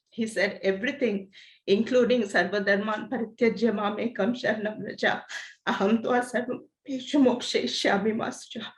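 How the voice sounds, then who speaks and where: Earnest woman sharing, echoey room. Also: medium pitch. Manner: earnest, emotional storytelling. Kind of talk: personal story in class.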